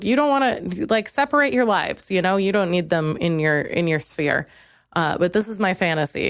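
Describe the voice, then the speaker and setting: A woman's voice: vocal fry, dry recording, clean studio sound. Crude, rambling young woman comedian. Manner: rambling, crude, self-deprecating, jumps into high exasperated rants. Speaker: comedian podcast host. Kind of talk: solo comedic monologue.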